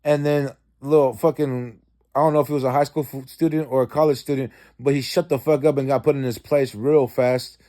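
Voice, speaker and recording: A man's voice: steady tone, a little fast. Rambling, profane man telling a dream. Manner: rambling, profane, many fillers and restarts; acts out quoted lines with sharp jumps in pitch. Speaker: vlogger recounting a dream. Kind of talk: casual rambling storytelling.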